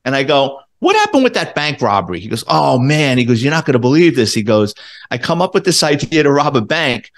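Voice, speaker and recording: Middle-aged New man, ex-cop guest; casual, salty storyteller who jumps into quoted voices; mid-pitched. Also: brisk. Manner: animated, profane, acts out quoted dialogue. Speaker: former police detective, guest.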